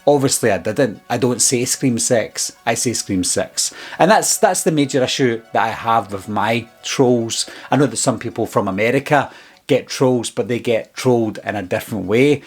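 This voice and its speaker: A man's voice: medium pitch, husky. A man speaking as a film-review YouTuber, giving an earnest, exasperated casual commentary about his critics. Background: faint background music.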